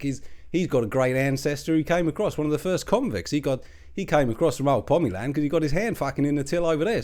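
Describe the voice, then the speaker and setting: A man's voice: fairly high pitch, darkish tone, close to an everyday voice. A man playing a crude, gossipy middle-aged Australian bloke who rambles and swears in a comic monologue. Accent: Australian (put on). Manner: rambling, swearing, colloquial banter, mocking impressions. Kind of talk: comedic character monologue.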